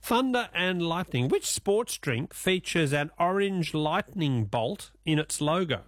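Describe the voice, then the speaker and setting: A man's voice: fairly high pitch, expressive, unhurried, fairly bright tone, no room sound. A man with an Australian accent hosting a casual radio quiz, joking and laughing with callers. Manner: jokey, laughs often, teasing callers.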